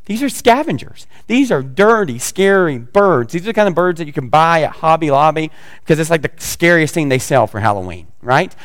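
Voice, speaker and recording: A man's voice: on the high side, expressive, a little fast, big-room sound. A man preaching a sermon as pastor, talking conversationally with joking asides to the congregation.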